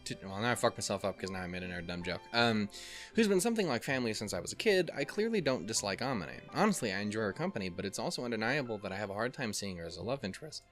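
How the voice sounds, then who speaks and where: This let's player has a mid-range, somewhat bright voice. Playing a visual novel on his channel, he alternates between reading the text out loud and going off on crude, self-mocking, meandering tangents.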